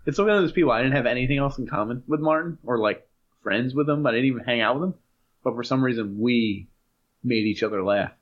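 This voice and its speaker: A man's voice: medium pitch, fast talker. Lo-fi laughing storyteller man. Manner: laughs while telling stories. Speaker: podcast co-host. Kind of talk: casual chat. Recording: dull lo-fi sound.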